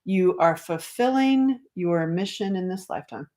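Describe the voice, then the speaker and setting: Gentle radiant spirit beings, as a woman puts them on, softly spoken with slow, soothing calm. Their voices are hushed and unhurried, like a patient presence speaking in a vision. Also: fairly low pitch, lightly acted.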